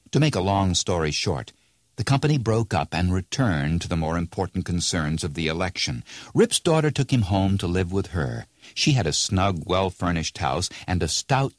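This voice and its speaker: A man narrating a classic tale in an expressive, measured storybook reading. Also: low-pitched, no echo, clean studio sound.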